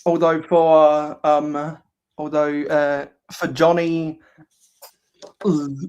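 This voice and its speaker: A man's voice: fairly high pitch, flat delivery, extremely slow, darkish tone, clear, resonant tone. A man hosting a casual livestream while building LEGO. He talks hesitantly with many fillers and reads viewers' chat aloud. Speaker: livestream host.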